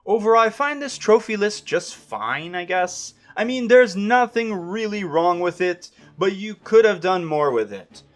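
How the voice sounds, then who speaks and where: Young male host, high-ish voice, wry scripted guide narration. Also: expressive, measured pace, few pauses. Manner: wry, self-deprecating asides. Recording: voice-over over faint music.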